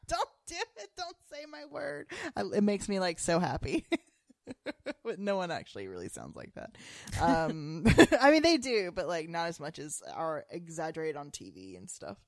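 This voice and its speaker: Brief: young woman podcast co-host, lively swooping pitch, giggly, dry close sound. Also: moderate pace, no echo. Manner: animated, giggly, lots of "like" fillers. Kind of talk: casual chat.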